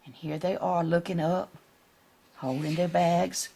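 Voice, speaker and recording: A woman reading a picture book aloud to children, gently asking them questions along the way. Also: fairly low pitch, little pitch movement, a little slow, gravelly, slightly rough.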